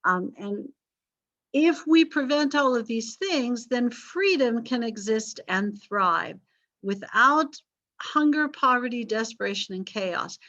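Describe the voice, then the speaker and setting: A woman's voice: fairly high pitch, lively intonation, slow pace, a bit bright, highs cut off. A woman teaching a history class in a chatty lecture, correcting herself and tossing in jokey asides, her voice a little strained from vocal cord damage.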